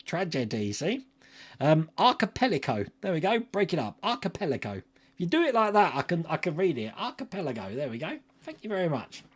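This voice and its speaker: A man's voice: high-pitched, sing-song, a little fast. A man, hosting a casual livestream and chatting with viewers by name, laughing often. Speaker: livestream host. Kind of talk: casual live chat reading viewer comments.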